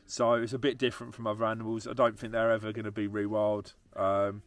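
A man's voice: lowish voice, flat delivery, quick pace, dry recording. Chatty young English man vlogging. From England. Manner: chatty and laughing, talking straight to viewers. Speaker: travel vlogger. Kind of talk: casual vlog chat.

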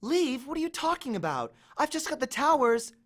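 A man voicing a stubborn, sharp-witted teenage girl in an audiobook reading, high and dismissive. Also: big pitch swings, normal speed, full character voice.

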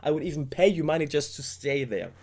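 A man's voice: fairly high pitch, lively intonation, brisk, darkish tone. A man giving casual reaction commentary, rambling and joking as he talks straight to his viewers. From Germany. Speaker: K-pop reaction YouTuber.

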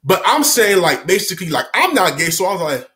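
A man with a high voice talks to the camera at a brisk pace, telling a story in a loose, rambling way. He repeats himself, leans heavily on slang, and laughs often, keeping things animated.

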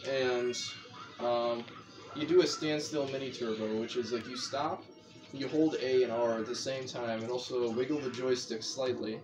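A man's voice: mid-range voice, fairly even intonation, moderate pace. Young man rambling through a game tutorial. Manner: rambling, chatty, self-correcting. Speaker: gameplay commentator. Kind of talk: casual gameplay tutorial. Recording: music playing behind. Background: game music.

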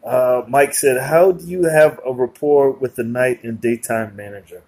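A husky-voiced podcast host talks in casual chat. The host is chatty, laughs easily and fills pauses with quick agreements. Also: mid-range voice, a little mellow. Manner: chatty, laughs often, lots of filler agreement.

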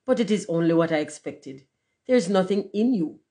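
A woman's voice: fairly low pitch, lively intonation, fairly quick, warm tone, lightly acted. A woman voicing a pompous, self-important male firework rocket in a storybook reading, haughty and self-pitying. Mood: indignant.

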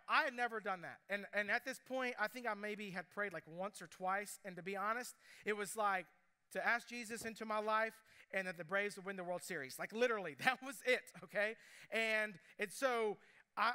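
Bright high-voiced pastor. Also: male voice, smooth. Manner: storytelling with asides and quick quoted voices. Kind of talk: sermon.

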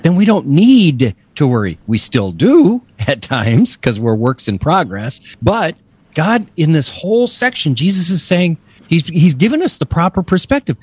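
A man's voice: fairly high pitch, big pitch swings, measured pace, a little mellow, breathy edge, no echo. A man co-hosting a faith podcast, teaching scripture with emphatic enthusiasm and frequent laughs. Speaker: podcast co-host, Bible teacher. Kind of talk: casual teaching chat.

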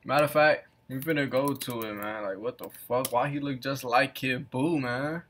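This reaction-video host is a man with a mid-range, slightly bright voice, speaking at a moderate pace against slight background noise. Heard off camera, he ridicules the footage with plenty of profanity and frequent laughter, keeping the commentary casual.

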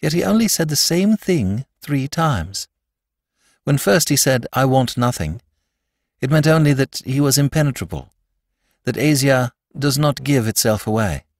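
A man playing a calm, perceptive priest detective who speaks in a measured undertone and turns firm when he takes command. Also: medium pitch, no echo, clean studio sound, voice pushed up. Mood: quietly intense.

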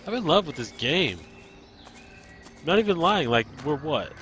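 A man's voice: a little high, very animated, a little slow, a bit bright, soft background music. A man hosting a let's play, chatting and joking to himself while he explores a game. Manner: chatty, musing aloud, joking. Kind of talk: casual gameplay commentary.

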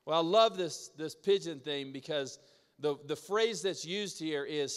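A man preaching in a church, with a voice on the higher side and a chatty, energetic delivery. He keeps putting questions to the congregation. His voice carries the long echo of a large hall. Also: measured pace, clear, resonant tone. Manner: energetic, conversational, audience questions. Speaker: pastor. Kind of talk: sermon. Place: church auditorium.

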